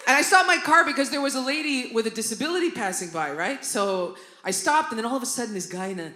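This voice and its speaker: Animated woman doing stand-up in a roomy club. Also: a little high, quick pace. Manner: animated, loud outbursts, constant "right?" and "you know what I mean?". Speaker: stand-up comedian. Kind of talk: stand-up routine. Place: comedy club stage. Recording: roomy live club recording with noise.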